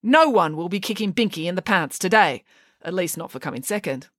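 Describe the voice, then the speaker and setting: A woman reading aloud, voicing a clever schoolgirl detective who speaks calmly and bluntly. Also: on the low side, brisk, no room sound, studio quality. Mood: matter-of-fact. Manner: calm, matter-of-fact, blunt.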